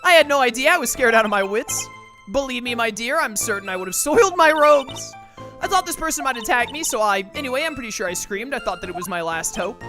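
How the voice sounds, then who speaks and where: A woman reads a scatterbrained young woman in a video game courtroom, stammering through her testimony. The voice sits high and swings widely. Game music plays underneath. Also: lively intonation, fast, lightly acted. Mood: flustered. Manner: flustered, stammering.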